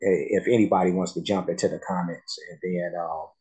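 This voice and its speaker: A man with a very low voice talks casually as a music reaction host. His delivery is soft-spoken and halting, as if he is thinking out loud between plays of the track. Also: fairly even intonation, poor audio.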